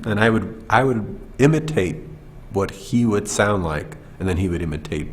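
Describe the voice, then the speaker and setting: A man's voice: lowish voice, moderate pace, a little hiss or hum. A man, a film director, telling stories in a behind-the-scenes interview and mimicking the people he worked with. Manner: animated storyteller, mimics people.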